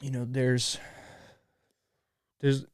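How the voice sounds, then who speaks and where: Choked-up young man, halting. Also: medium pitch, completely flat delivery, clean tone, dry recording, clean studio sound. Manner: halting, emotional, many restarts and swearing. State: choked up, near tears. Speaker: podcast host. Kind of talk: casual solo podcast monologue.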